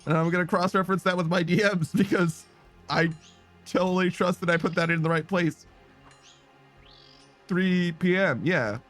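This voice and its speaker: Male game streamer, higher-pitched, casual and rambling, cursing and laughing, faint music under. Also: fairly even intonation, moderate pace, pauses often, a bit bright. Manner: rambling, swears often, laughs a lot, reads chat aloud. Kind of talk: casual livestream chat.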